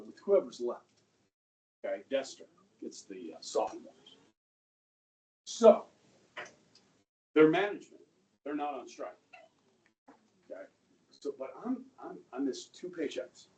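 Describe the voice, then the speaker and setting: A middle-aged male high school history teacher telling a story to his class, checking in with "okay?" and acting out the people in it. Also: big pitch swings, measured pace, long pauses, a little mellow. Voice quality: conversational, acts out quoted voices, asks "okay?" often. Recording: distant mic in a classroom, faint room noise.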